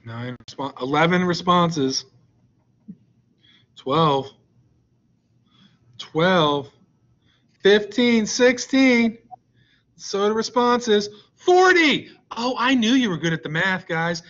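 A man's voice: high voice, animated, slow, pauses often, fairly bright tone, lo-fi sound. A male science teacher leading an online class, joking with and coaxing his students. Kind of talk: online class with a slide deck.

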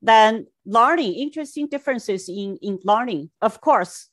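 A middle-aged woman from China giving an academic lecture in short, measured phrases, with occasional Mandarin asides. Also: a little high, animated, dry recording. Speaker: education scholar giving a lecture. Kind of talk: academic talk with slides.

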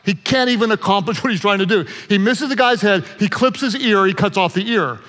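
High-voiced pastor preaching in a hall. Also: male voice, brisk. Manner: animated storyteller, joking asides. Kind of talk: sermon.

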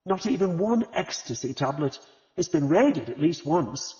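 A man's voice: a little high, lively intonation, unhurried, warm tone, voice pushed up. A grieving working mother, bitter and close to tears, her voice lifted and rising and falling widely, as a male narrator puts her on. The audio is dull and lo-fi, in a long-echoing space. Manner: bitter and tearful.

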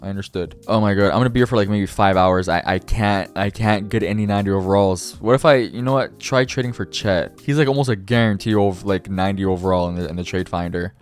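A young gaming YouTuber with a low voice talks fast with few pauses, giving casual, chatty gameplay commentary. He addresses both the game and his viewers with self-mocking remarks, while faint music plays in the background.

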